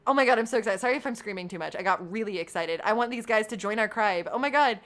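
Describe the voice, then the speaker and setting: A young woman streaming a life-sim game, chatting to her viewers and often squealing with excitement. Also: medium pitch, fast talker. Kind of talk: gaming livestream chat. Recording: faint background game music.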